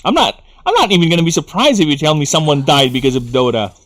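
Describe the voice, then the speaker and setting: Streaming a video game live, a young Filipino man talks fast with a slightly high, somewhat bright voice and lively intonation. His Filipino-accented chat is casual, rambling and profane, regularly spilling into rants.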